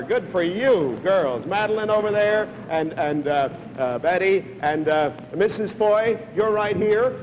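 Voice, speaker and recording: A man hosting a live television game show, chatty and brisk as he coaxes contestants through a stunt. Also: high-pitched, big-room sound, a little hiss or hum, low-quality recording.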